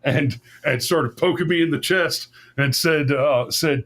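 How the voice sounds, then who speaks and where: A man's voice: on the high side, unhurried, hardly any pauses, fairly bright tone. A man hosting a talk show, telling a long casual story with frequent restarts, repeated words and swearing. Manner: rambling, profane, many restarts and self-corrections. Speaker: podcast host.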